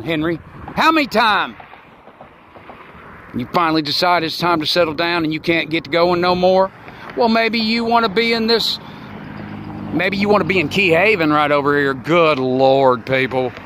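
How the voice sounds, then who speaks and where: A man in his sixties giving a rambling, preachy folksy monologue outdoors, with loud bursts. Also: high-pitched, slight background noise. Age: 60s. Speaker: online talk show host.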